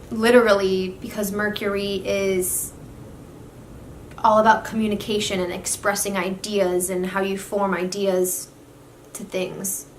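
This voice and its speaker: A young woman talking casually to camera about astrology, chatty and filling her talk with "literally" and "like". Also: mid-range voice. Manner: chatty, says "literally" and "like" a lot. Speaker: astrology vlogger. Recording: echoey room with faint noise.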